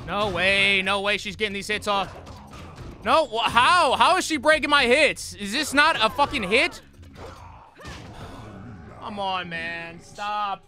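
High, bright-voiced man yelling at a game. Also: slow, pauses often, faint music behind. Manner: loud, frustrated, swearing, shouting at the game. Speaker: streamer. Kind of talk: live gameplay commentary.

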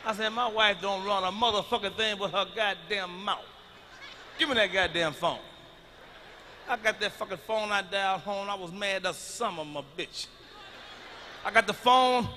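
A middle-aged man performing a stand-up comedy routine, telling stories loudly and with plenty of profanity. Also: high-pitched, fairly quick, a little hiss or hum. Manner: loud, profane storytelling. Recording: live arena recording with long reverb.

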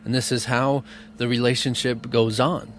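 A man giving an earnest, emotional spiritual talk, often laughing softly between thoughts. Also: mid-range voice, flat delivery, moderate pace, a little hiss or hum. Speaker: spiritual teacher. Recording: music bed under voice.

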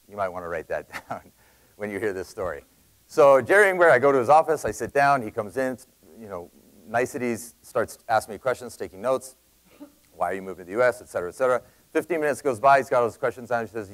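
A Canadian man giving an energetic sales talk to a live audience, telling a story in quick bursts with loud emphasis. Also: mid-range voice, low-quality recording. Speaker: sales speaker.

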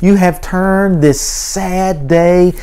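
A man's voice: high-pitched, fairly even intonation, very slow, warm tone, clean tone. Male preacher, earnest sermon delivery with emphatic scripture reading, church setting. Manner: earnest, reads scripture aloud with rising emphasis. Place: church sanctuary.

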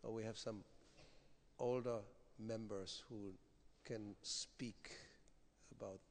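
A man's voice: on the low side, steady tone, takes it slowly. A man teaching a scripture class in a temple hall, explaining with examples and checking in with rhetorical asides. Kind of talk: conversational scripture lecture. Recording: hall reverb.

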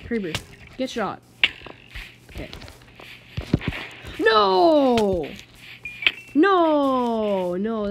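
With a deep voice and noise in the background, this gaming channel host chats her way through her game. She sounds exasperated, addressing and pleading with the game's creatures as she plays.

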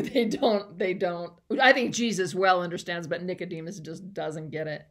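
A woman's voice: on the low side, normal speed, hardly any pauses, fairly bright tone. A woman pastor giving a short devotional talk and prayer in a conversational, reflective way with light laughter.

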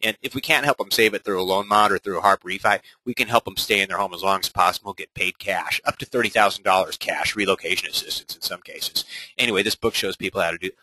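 A man coaching other real estate agents in a recorded sales webinar, punchy and energetic, who keeps checking in with "right?". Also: deep voice, fast, dry recording, rough recording.

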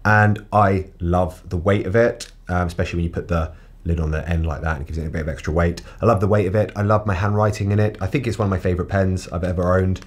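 A man's voice: deep voice, fairly even intonation, fast talker. A man in his forties chatting enthusiastically at home for his vlog. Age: 40s. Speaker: vlogger. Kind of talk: casual chat. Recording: music playing underneath.

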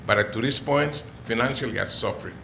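A man's voice: mid-range voice, quick pace, creaky, sharp tone, a little hiss or hum. A man in the audience of a forum, polite, answering "yes, ma'am" and describing his troubles. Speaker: audience member, former worker. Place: public forum.

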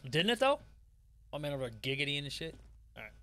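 A young adult man giving excitable, profane horror gameplay commentary and laughing often. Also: on the high side, fast talker, slight background noise. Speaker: gaming streamer.

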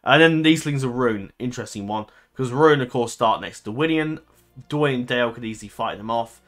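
A man of middle pitch gives loose, conversational commentary while he plays a strategy game. He rambles and stumbles, often correcting himself with an um or uh. Quiet music plays faintly behind his voice. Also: a little fast. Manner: rambling, full of ums and self-corrections. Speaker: gaming channel host.

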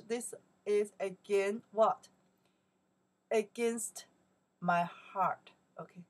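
A woman with a Chinese accent teaching a song lesson, explaining in simple English and singing lyric lines slowly. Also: medium pitch. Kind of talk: slow song lesson for learners.

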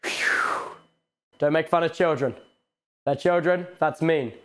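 A man casually chatting while streaming VR games, excitable and rambling, swearing a lot, on a headset mic. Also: on the high side, normal speed, slight background noise. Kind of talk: casual gaming stream chat.

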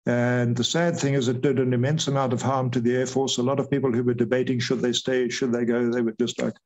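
An older man tells his story in an interview, with a voice of ordinary middle pitch. He retells events with energy and slips into the voices of the people he quotes. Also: level tone, quick pace, darkish tone, poor audio. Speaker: retired air force officer, guest.

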